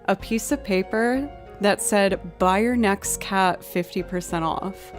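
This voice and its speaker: Soft background music accompanies this musician in her thirties as she chats on her live stream from a home desk. She tells stories casually, giggles a lot, and speaks slowly in a mid-range voice.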